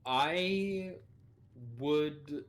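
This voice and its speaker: A man's voice: fairly high pitch, extremely slow. A man co-hosting a game let's play, giving helpful tips and joking about his own slips. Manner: helpful, self-deprecating, lots of fillers. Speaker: co-host guiding the player. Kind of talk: casual gameplay commentary.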